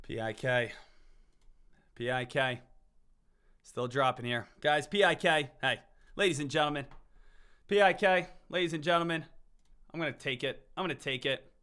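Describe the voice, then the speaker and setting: A high-pitched, bright male voice calling live stock trades. He chants words over and over and swings between loud hype and forced calm. His tone stays tense and forceful. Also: moderate pace, pauses often, clean tone. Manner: hyped, repetitive chanting, swings from shouting to calm. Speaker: stock trading streamer. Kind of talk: live trading commentary.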